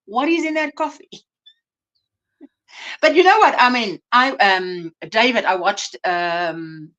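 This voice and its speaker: A woman's voice: on the high side, takes it slowly, pushed and bright. A South African woman hosting a casual livestream chat, chatty and laughing often as she reads viewer comments aloud. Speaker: livestream host.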